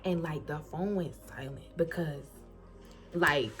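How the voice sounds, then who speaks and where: A young woman from Florida telling a casual storytime about getting into college, animated and colloquial, acting out what people said. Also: low-pitched, slow. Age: young adult. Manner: animated, colloquial, acts out quotes. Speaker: incoming college student. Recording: music playing behind voice.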